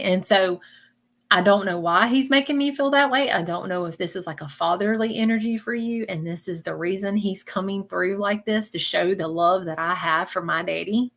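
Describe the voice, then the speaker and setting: Gravelly woman giving an emotional reading. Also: fairly low pitch, fairly bright tone. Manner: emotional, repeats phrases, addresses viewers as y'all. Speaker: psychic medium. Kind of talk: live-stream reading.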